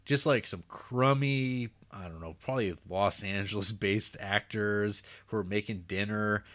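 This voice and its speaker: A podcast co-host with a fairly low, slightly bright voice casually recaps a film, unhurried, with no room sound. He rambles, interrupts himself and acts out scenes using quoted voices.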